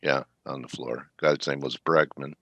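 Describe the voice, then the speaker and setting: A deep-voiced man chimes in on a trading webinar with short remarks and quick questions. His voice is recorded dry, with no room sound. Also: steady tone, fairly bright tone, no echo, highs cut off. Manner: brief interjections and quick questions. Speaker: webinar co-host. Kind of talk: casual trading webinar talk.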